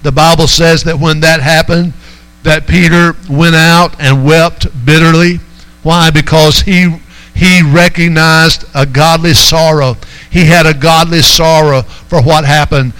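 A man's voice: fairly high pitch, steady tone, measured pace, fairly bright tone, clear, resonant tone, rough recording. A man preaching a sermon as pastor, driving his points home and calling out to the congregation. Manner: preaching with rising emphasis and call-outs to the congregation.

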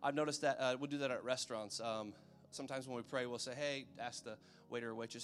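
A man's voice: medium pitch, steady tone, fast, hardly any pauses, a bit bright. A man preaching a sermon in a loose, conversational way, often checking in with his listeners.

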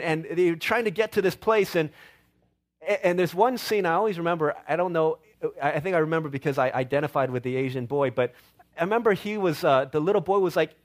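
High-voiced man preaching with stories. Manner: storytelling with quoted voices and playful asides. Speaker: pastor. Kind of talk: sermon.

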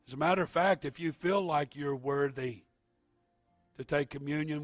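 A man preaching a sermon as pastor, moving from quiet, halting asides to loud, rising exhortation. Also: a little high, no echo, soft background music.

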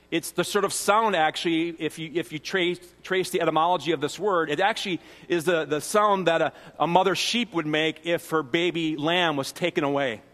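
A man with a notably high voice preaches in a big church auditorium, and his words ring out with a long reverb tail. He teaches in an easygoing, conversational way, stopping to restart phrases and to toss in asides to the congregation. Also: a bit bright. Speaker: pastor. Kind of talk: sermon. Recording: long reverb of a large hall.

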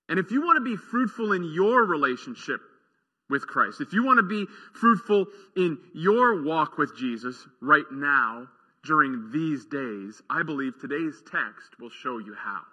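Slow, earnest male preacher in a reverberant hall. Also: on the high side, expressive, pushed and bright, slightly rough. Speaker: pastor. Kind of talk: sermon.

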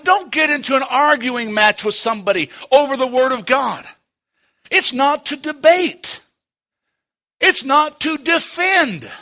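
Guy preaching a sermon in church, high bright voice, goes loud then quiet with big pauses. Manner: preaching with dramatic pauses and shifts from loud to hushed. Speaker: pastor.

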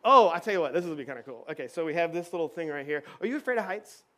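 A man's voice: a little high, lively intonation, rapid-fire, bright, forceful tone. A man leading a children's church session on stage, playful and chatty with lots of fillers. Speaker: children's pastor. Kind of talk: lively children's church talk. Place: church stage with kids and adults.

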